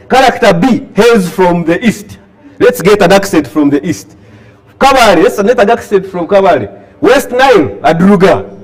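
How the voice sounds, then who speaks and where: Animated Ugandan man addressing a workshop. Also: sits high. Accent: Ugandan English. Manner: lively, asks the audience questions, acts out dialogue. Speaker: scriptwriter and workshop speaker. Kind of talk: animated talk to an audience.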